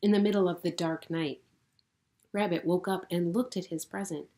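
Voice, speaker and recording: A middle-aged woman pastor reading a children's story aloud in a gentle storytelling manner. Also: lowish voice, steady tone. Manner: gentle, slow, warm storytelling.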